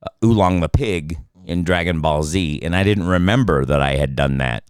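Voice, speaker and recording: A comedian and voice actor in his fifties, a podcast guest telling animated stories with frequent laughs and restarts. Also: deep voice, moderate pace, clear, resonant tone, no echo. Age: 50s. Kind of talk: casual storytelling chat. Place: podcast studio.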